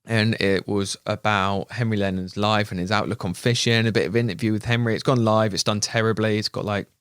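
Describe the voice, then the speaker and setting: A man with an English accent telling an animated anecdote in casual podcast chat, laughing and mimicking other people's voices as he goes. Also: lowish voice, brisk, clean tone, dry recording, studio quality. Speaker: videographer. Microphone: studio podcast mic.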